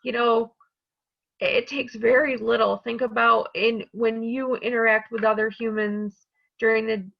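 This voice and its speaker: A woman's voice: on the high side, little pitch movement, unhurried, vocal fry, lo-fi sound. A woman on the staff of a community college, speaking earnestly and from the heart in a webinar panel discussion over a video call.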